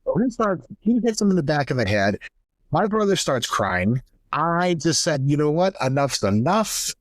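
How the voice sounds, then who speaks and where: A man's voice: a little high, sing-song, normal speed, no room sound, clean studio sound. A young man, a podcast co-host, candidly retelling a painful family story and acting out the voices of the people in it. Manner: candid, emotional retelling, acts out quoted voices. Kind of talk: personal storytelling.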